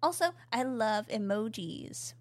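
A woman's voice: a little high, lively intonation, unhurried. A woman co-hosting a casual podcast, reading listener emails aloud in a giggly, rambling way and stumbling over her words. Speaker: podcast co-host.

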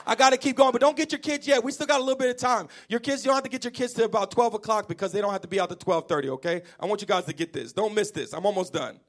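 A man preaching a sermon, animated and emphatic, calling on the congregation to answer back and sometimes half-singing his lines. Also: high voice, rapid-fire, few pauses. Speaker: pastor.

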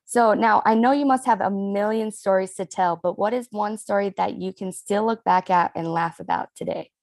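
A woman hosts an interview podcast, her voice carrying a gravelly fry. She reacts to her guest with warm encouragement. The sound is dry and close. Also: medium pitch, steady tone, moderate pace, dry recording. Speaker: podcast host.

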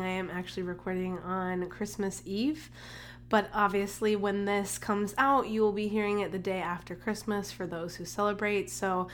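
A young adult woman with a medium-pitched voice, a holistic nutritionist, hosts her own podcast with a little hiss or hum in the audio. She sounds slightly congested while giving an upbeat, encouraging pep talk, chatty and casual, full of fillers and restarts.

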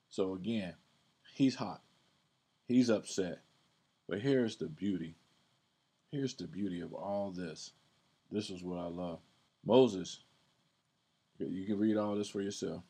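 Slow and mellow, with long pauses, a podcast Bible teacher talks through scripture in a deep, husky, low register. He keeps it casual, repeats himself as he circles back, and puts weight on the verses he reads aloud.

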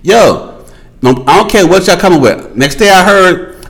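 A male podcast host with a high-pitched voice that swings widely up and down as he drives his points home. He rants in a casual, profane monologue, addresses his listeners directly with slang, and hammers his claims through repetition. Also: very animated, measured pace, rough recording. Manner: emphatic, profane, repeats points for emphasis.

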